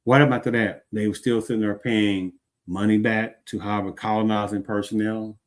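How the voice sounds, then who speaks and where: A man's voice: on the low side, level tone, brisk. A man hosting a show, giving heated commentary and repeatedly asking if the listener understands. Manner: emphatic, keeps asking "Do you understand?". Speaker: show host.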